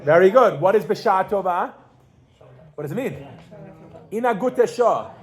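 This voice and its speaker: A pregnant woman leads a classroom lesson in a casual, animated way. She keeps firing questions at her students and talks with easy fillers and restarts. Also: medium pitch, unhurried. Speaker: Yiddish teacher.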